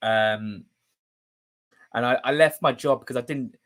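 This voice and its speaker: A young man with a medium-pitched voice and measured pace discusses football casually on a live stream as a journalist. He rambles with fillers and restarts, now and then breaking into emotional, excited bursts.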